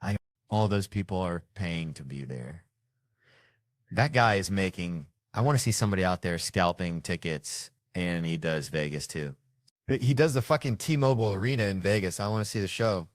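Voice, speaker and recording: A man's voice: deep voice, normal speed, no echo, studio quality. A man telling profane, rambling comic stories in a casual podcast chat. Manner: profane, rambling, animated anecdotes. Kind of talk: casual comedic storytelling.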